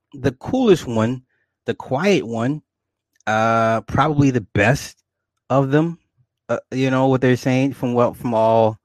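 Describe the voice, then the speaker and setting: A man rants to his viewers in a boastful, profane, joking way and keeps repeating his points. His voice sits at an ordinary middle pitch. The sound is dry, with no room in it. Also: no echo. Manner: boastful, swearing, laughing often, repetitive. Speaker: vlogger. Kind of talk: profane comedic rant to viewers.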